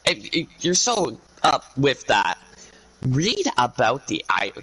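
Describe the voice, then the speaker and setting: A man speaking to his viewers in a rambling monologue, ranting in a halting way with many restarts. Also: medium pitch, big pitch swings, bright, forceful tone, slightly rough, rough recording.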